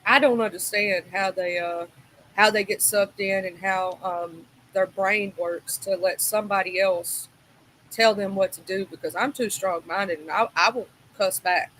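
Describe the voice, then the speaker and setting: A woman's voice: mid-range voice, steady tone, measured pace, fairly bright tone, slight background noise, poor audio. A woman with a Southern US accent, chatting in an outspoken, playful way and laughing often. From American South. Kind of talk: casual chat.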